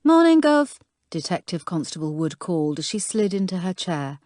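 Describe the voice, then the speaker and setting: A woman narrating a crime thriller audiobook in a steady, even reading voice. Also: sits low, brisk, no room sound, studio quality.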